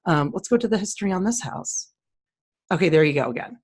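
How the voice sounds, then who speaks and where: A woman with a low-pitched voice talks casually and bluntly. She walks through listings on screen, opinionated and plain-spoken. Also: lively intonation, fairly quick, darkish tone, breathy edge. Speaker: co-host. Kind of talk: casual screen-share commentary.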